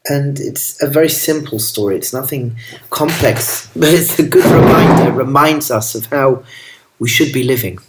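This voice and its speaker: Gentle rabbi with a roomy echo. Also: male voice, medium pitch, normal speed, heavy background noise. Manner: gentle, affectionate, with Hebrew and Yiddish terms. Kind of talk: storytelling sermon.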